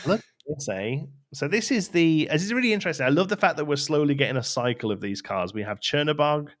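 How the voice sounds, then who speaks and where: A man's voice: fairly high pitch, animated, fast talker. A man co-hosting a casual card game livestream, rambling and restarting his sentences, laughing often. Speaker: co-host. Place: home studio, livestream.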